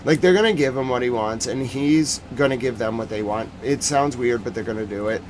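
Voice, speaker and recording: A man's voice: mid-range voice, fairly quick, a little hiss or hum. Joking, rambling male stream host. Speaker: news commentary host. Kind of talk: casual livestream commentary.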